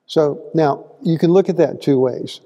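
Man, folksy Bible class teacher, mellow voice, asks the room questions, long hall reverb. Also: on the high side, unhurried. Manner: folksy, asks the audience questions, acts out quotes. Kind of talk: conversational Bible lesson. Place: church hall.

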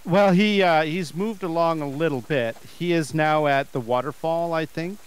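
A man's voice: on the high side, moderate pace, smooth. A man playing a co-op game, chatting casually and making fun of himself. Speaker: co-op player.

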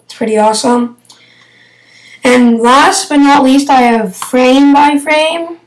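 A woman's voice: sits high, slow pace, poor audio. A young female vlogger talking casually and hesitantly through her favourite computer apps, with lots of fillers. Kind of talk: casual app review.

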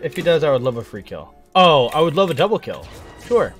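Excitable young man narrating his gameplay. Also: a little high, a little fast, soft background music. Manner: excitable, playful, trash-talking. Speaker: gaming streamer. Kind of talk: live gameplay commentary.

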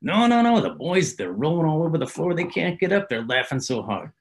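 A man's voice: fairly high pitch, very animated, fast talker, voice pushed up. Man putting on a pushy New York mechanic. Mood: excited. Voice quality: emphatic, repeats a name to press a point. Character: chatty, persistent male car mechanic.

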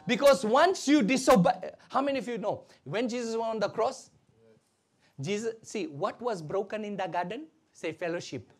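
A woman preaching a sermon, animated and leading the congregation in call and response. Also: medium pitch, normal speed, husky.

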